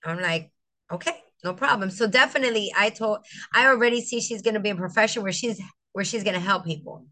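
A middle-aged woman with a bright, forward voice tells a heartfelt story about a student. She slips into her students' voices as she quotes them and turns tearful at times. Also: mid-range voice, fast. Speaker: veteran teacher, guest. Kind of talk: emotional personal storytelling.

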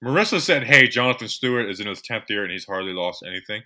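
A man co-hosting a casual sports podcast, animated and repeating himself as he talks. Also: lowish voice, fast talker. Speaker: podcast co-host.

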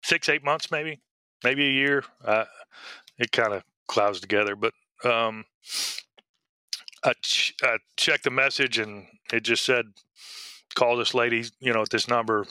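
A middle-aged man, a police dog handler, telling his story in a casual interview, halting with fillers and restarts. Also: mid-range voice, bright, forceful tone, smooth, no room sound.

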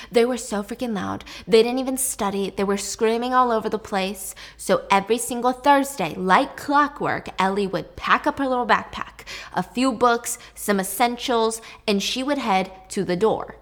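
A woman narrates a true story in a loose, conversational way, swearing casually and turning to the listener now and then. Her voice is a little high and quite bright. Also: lively intonation, moderate pace, few pauses.

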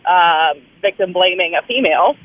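A woman's voice: lowish voice, normal speed, dry recording. A woman calling in to a radio show, speaking hesitantly with many ums over a phone line. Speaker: radio caller. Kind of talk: call-in radio comment.

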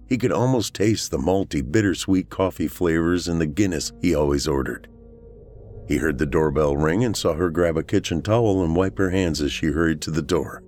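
Deep-voiced male horror storyteller. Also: darkish tone. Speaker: narrator. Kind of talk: scripted horror narration.

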